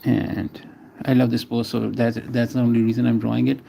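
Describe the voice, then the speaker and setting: A man's voice: medium pitch, little pitch movement, a little fast, gravelly, dark tone, slight background noise. A man casually talking through a live drawing session, naming each stroke as he draws and chatting with viewers. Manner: chats with viewers between strokes. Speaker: artist streaming a drawing session.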